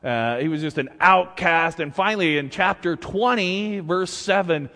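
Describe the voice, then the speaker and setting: A man's voice: sits high, measured pace, sharp tone, long reverb tail. A man preaching a sermon as pastor, conversational and humorous, acting out scripture stories. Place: church sanctuary.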